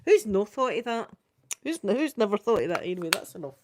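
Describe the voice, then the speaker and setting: A Scottish woman chatting casually through a makeup ASMR video, quick and soft-spoken with frequent laughter. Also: mid-range voice, big pitch swings, noisy background. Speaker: ASMR creator doing makeup.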